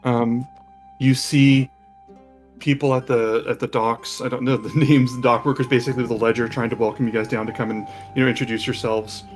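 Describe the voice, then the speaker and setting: Male game master, relaxed and rambling, mid pitch, faint background music. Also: brisk. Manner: rambling, filler-heavy, relaxed. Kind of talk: narrating a tabletop game.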